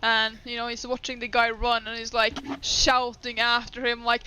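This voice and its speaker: A woman's voice: fairly high pitch, monotone, moderate pace, bright, forceful tone, clear, resonant tone. A woman playing a tabletop game, talking in a hesitant way with lots of fillers as she describes her character's moves. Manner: hesitant, full of fillers and restarts. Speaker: player.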